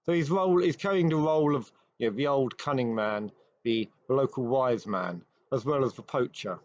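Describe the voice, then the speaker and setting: A man hosting a show, retelling an old ghost story with measured pacing and dramatic pauses. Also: medium pitch, dry recording. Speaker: host. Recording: dry, slightly dull recording.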